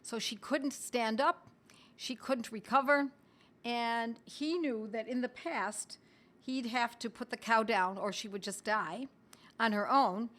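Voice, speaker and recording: A middle-aged woman teaching on a live stream in a chatty way, talking straight to her viewers and reading their comments aloud, with the odd cough and throat clearing. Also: a little high, takes it slowly, fairly bright tone. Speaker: homeopathy educator hosting a live stream.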